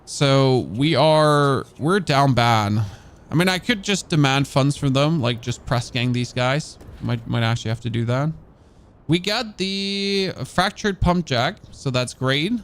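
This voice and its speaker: A man's voice: medium pitch, unhurried, fairly bright tone, clear, resonant tone. A man from Germany with a German accent, commentating casually on a game he is streaming, thinking aloud and talking to his chat.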